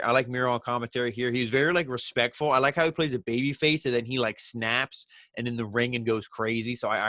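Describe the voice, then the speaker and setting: A man recaps and reviews a wrestling show in a loose, rambling way, leaning heavily on "you know" and "like." His mid-range voice has a fairly bright tone, and there's no echo.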